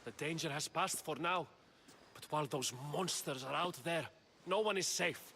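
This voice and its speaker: An actor voicing a wary, gravelly townsman in a video game's dialogue. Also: on the high side, moderate pace, bright, forceful tone. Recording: distant reverberant game audio with faint noise.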